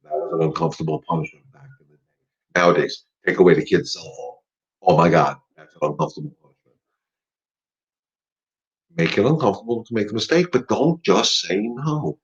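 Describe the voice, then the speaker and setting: Host, middle-aged man, dog trainer on a live stream; casual, emphatic, repeats for effect; lower voice, muffled audio. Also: fairly quick, breathy edge. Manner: emphatic, repetitive, coaching.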